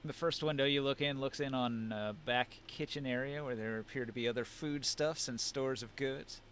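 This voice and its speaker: A man running a tabletop game as game master, narrating scenes in a descriptive way and pausing to find words. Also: mid-range voice, steady tone, a bit bright, slight background noise.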